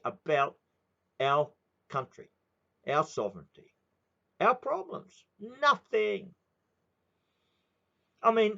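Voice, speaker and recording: A man's voice: on the high side, pushed and bright. A man in his sixties with an Australian accent, ranting in a heated, swearing monologue. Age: 60s. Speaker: political commentator. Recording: dull lo-fi recording.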